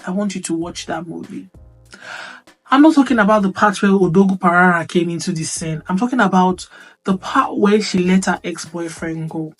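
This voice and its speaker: Speaking earnestly and with a motivational aim about womanhood, a medium-pitched woman goes over her points again and again and keeps making sure her listener understands.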